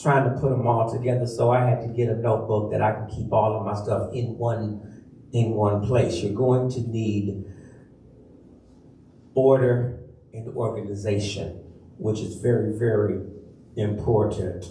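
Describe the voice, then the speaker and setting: A minister preaching a sermon in a church, teaching slowly and emphatically and calling on the congregation to repeat after him. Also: male voice, on the low side, steady tone, warm tone, a little hiss or hum. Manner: slow, emphatic teaching with call-and-response. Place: church sanctuary. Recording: echoey church from far off.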